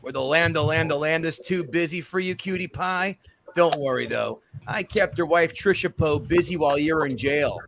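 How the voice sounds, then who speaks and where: A man's voice: on the high side, normal speed, gravelly, noisy background. A man playing a brash, cocky action-movie hero who trades crude taunts in a comedy debate. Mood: taunting.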